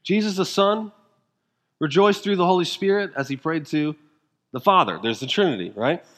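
High-voiced preaching man, emphatic. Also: animated, moderate pace. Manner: emphatic, asks the congregation rhetorical questions; swings between quiet intensity and rising fervor. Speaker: pastor. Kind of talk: sermon.

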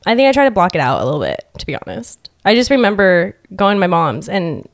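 A woman's voice: medium pitch, very animated, fast talker. Chatty young woman, laughing often. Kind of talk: casual podcast chat.

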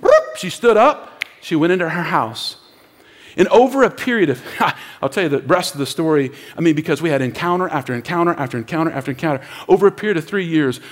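A man preaches in an animated, high-pitched voice that leaps up and down as he acts out the voices in his story. His words ring out with a long reverb, as in a large church hall.

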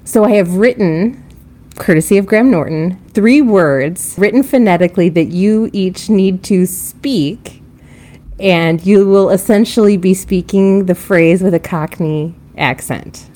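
A woman's voice: mid-range voice, unhurried, mellow. A woman co-hosting a podcast, explaining a game in casual chat and laughing easily. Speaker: podcast co-host.

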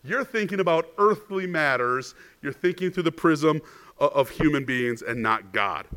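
A man's voice: fairly high pitch, lively intonation, moderate pace, fairly bright tone. A man acting out a stern male teacher who bluntly rebukes his follower.

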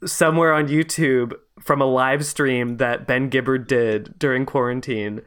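This Canadian-accented man co-hosts a podcast, chatting casually and rambling with lots of fillers and restarts. His medium-pitched voice is smooth, a bit bright, and unhurried, with fairly even intonation, and he's easily amused.

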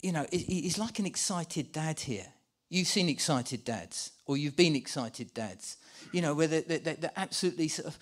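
Animated preacher, slightly high-voiced man. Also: moderate pace, few pauses. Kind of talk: sermon with live volunteer re-enactment. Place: church with a live congregation.

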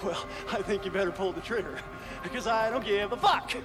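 A man's voice: high-pitched, fairly quick, loud music behind the voice, voice pushed up, close to an everyday voice. A man putting on the voice of a taunting, unhinged movie villain, drawn out and shrieking.

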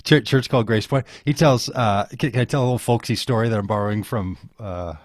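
A man's voice: fairly low pitch, fast, no echo. A man talking earnestly in an interview, rambling and telling stories with many restarts. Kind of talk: conversational interview.

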